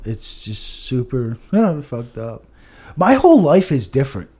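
A man rants through a loose podcast conversation, cursing in nearly every sentence and tripping over his words. His pitch leaps around with lively, animated inflection. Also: slow pace, slightly rough. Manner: profane, ranting, stumbling restarts. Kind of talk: casual podcast chat.

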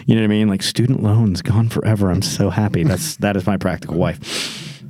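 A man on a casual podcast, telling animated, profane stories and putting on quoted voices. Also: lowish voice, brisk, no echo, clean studio sound. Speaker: podcast co-host. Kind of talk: casual chat. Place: married man telling a story about his wife.

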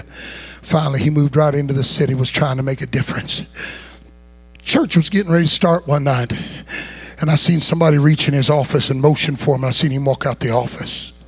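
Man, preacher, revival sermon storytelling, husky voice, fairly high pitch, impassioned, hushed to shouting.

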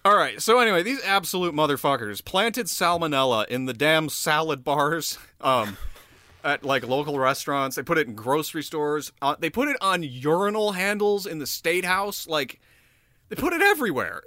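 Lively, bright-voiced man telling a crime story. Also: a little high, normal speed, no room sound. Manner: animated, swearing, laughing often, quoting people in put-on voices. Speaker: podcast co-host. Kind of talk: casual true-crime podcast chat.

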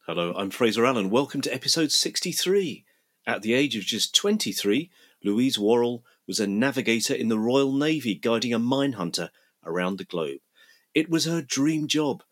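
A man hosting a podcast interview, speaking in a friendly, measured way with some ums and restarts. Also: medium pitch, fairly bright tone. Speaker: podcast host.

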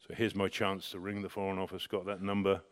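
A middle-aged man telling a personal story in a casual, anecdotal way, animated and full of restarts. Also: deep voice, fast talker. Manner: animated, with restarts and bursts of excitement. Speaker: storyteller recounting personal experience.

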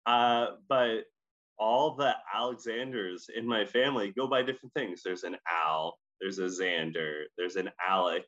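A man from Scotland co-hosting a podcast, telling stories in a lively, chatty way full of "like". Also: on the low side, a little slow, dull audio. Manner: animated storytelling, lots of "like". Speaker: podcast co-host. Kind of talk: casual chat.

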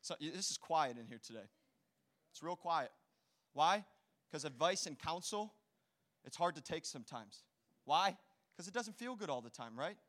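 A man preaching a sermon in a church hall, animated and storytelling, acting out quotes. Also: fairly high pitch, moderate pace, long pauses. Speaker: pastor.

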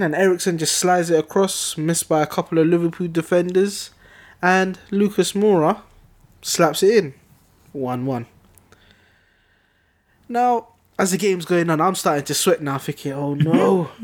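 A man recounts the match in an animated, excitable run of casual podcast chat. His voice sits a little higher than most men's. He talks like a fan reliving every moment. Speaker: podcast co-host.

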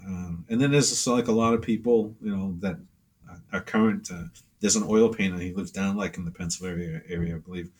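The guest, a pastel artist, talks fairly quickly in a low, husky, darkish voice with a steady tone. He's a rambling storyteller who leans on fillers and voices other people's words.

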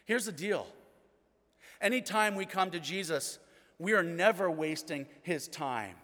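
Pastor, male, middle-aged; earnest sermon delivery, slightly high voice, hushed passages, long reverb of a large hall. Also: expressive, a little slow. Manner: earnest storytelling, drops to hushed tones.

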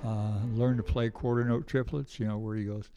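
A man's voice: medium pitch, little pitch movement, moderate pace, mellow, faint music behind. An older man telling rambling anecdotes as an interview guest, often acting out the voices of people he quotes. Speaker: guest musician. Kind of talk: casual storytelling interview.

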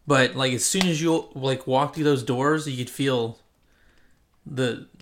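Male podcast host, mid-pitched, rambling casual delivery with lots of fillers. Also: a little slow, a bit bright, a little hiss or hum. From Central California. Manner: rambling, many fillers and restarts. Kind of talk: casual chat.

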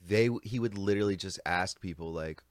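A man's voice: sits low, brisk, no room sound, clean studio sound. A man co-hosting a casual podcast chat, telling stories in a rambling way and swearing freely. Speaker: podcast co-host.

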